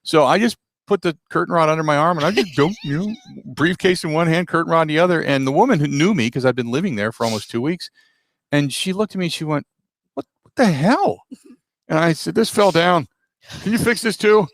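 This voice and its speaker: A middle-aged man, a radio host, telling a story in a casual, animated, self-deprecating way with a gravelly voice. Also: fairly high pitch, fast.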